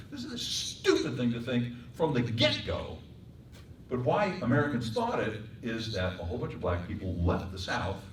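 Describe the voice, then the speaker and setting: A man teaching voice acting in a workshop lecture, breaking into accent and pitch demonstrations. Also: slight background noise. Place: performing arts center room. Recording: echoey room, mic far off.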